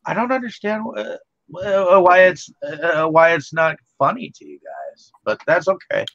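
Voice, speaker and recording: A man's voice: sits high, big pitch swings, unhurried, vocal fry, fairly bright tone, no room sound, muffled recording. A man co-hosting a casual movie discussion podcast, talking hesitantly with many fillers and restarts. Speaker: podcast co-host.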